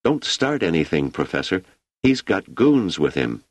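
A man's voice: low-pitched, sing-song, unhurried, breathy edge, no room sound, full character voice. A man voicing an anxious young male assistant in a storybook reading, pleading and nervous.

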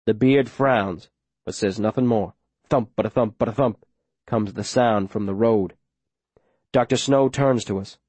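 A man narrating a story in the first person, steady and plain, with rural grammar. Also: lowish voice, unhurried, husky, no room sound. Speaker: audiobook narrator.

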